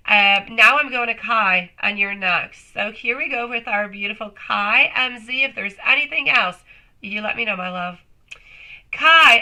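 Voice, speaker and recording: A woman with a slightly high, sharp-toned voice gives a live tarot reading over poor audio. She's chatty and affectionate, calling viewers "sweetie" and "love," though her voice is still a little off as she recovers.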